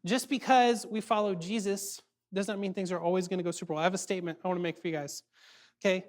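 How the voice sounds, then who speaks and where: A man giving a casual youth sermon, animated and chatty, full of fillers and quick check-ins with his audience. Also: high-pitched. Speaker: youth ministry speaker.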